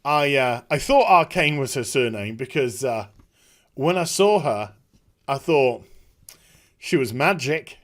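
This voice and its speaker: A man's voice: mid-range voice, lively intonation, slow pace, long pauses, fairly bright tone. A middle-aged man giving casual, sarcastic commentary on a trailer, with chuckling asides. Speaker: YouTube commentator.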